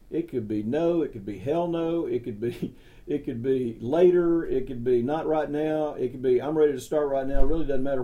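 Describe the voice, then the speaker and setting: This middle-aged man speaks in a very dark, mellow tone at an everyday pitch. He gives a motivational sales talk, direct and enthusiastic, and he hammers his main points by saying them twice. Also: highs cut off. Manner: direct, enthusiastic, repeats key phrases. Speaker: network marketing leader.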